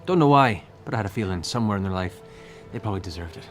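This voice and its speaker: A man's voice: lowish voice, expressive, very fast, faint music behind, close to an everyday voice. A man voicing a bitter, sardonic young woman bard in a tabletop role-play, talking dry and cutting.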